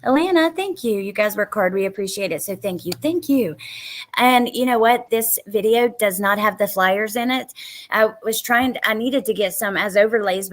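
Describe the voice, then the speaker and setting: A woman's voice: medium pitch, fairly bright tone. An exhausted woman hosting a live stream, chatting casually, blunt and frustrated, swearing now and then and greeting viewers by name. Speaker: true crime live stream host.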